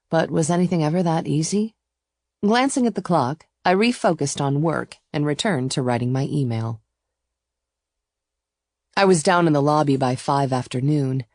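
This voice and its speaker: A woman narrating a first-person romance audiobook in a steady, intimate storytelling voice. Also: deep voice, no echo, clean studio sound.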